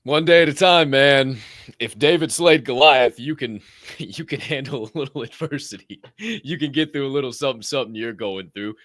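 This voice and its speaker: A man co-hosting a casual motivational podcast, animated and profane, often laughing as he talks. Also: medium pitch, moderate pace, no echo, studio quality. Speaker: podcast co-host.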